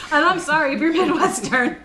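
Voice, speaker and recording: A woman co-hosting a podcast in casual chat, playful and giggly, with many fillers. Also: high-pitched. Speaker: podcast co-host. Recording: roomy echo, faint hiss.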